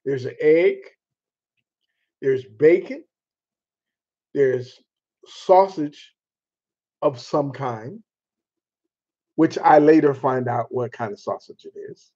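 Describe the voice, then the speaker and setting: A man hosting a casual chat show, telling a story in an animated way with laughter and mild cursing. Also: mid-range voice, slow pace, long pauses, slightly rough. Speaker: show host. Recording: dull lo-fi sound.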